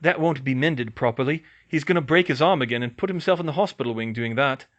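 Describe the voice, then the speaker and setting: A man's voice: medium pitch, fast, highs cut off, natural voice. A man reading fan fiction aloud, voicing a blunt young wizard who grumbles and speaks matter-of-factly. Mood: grumbling.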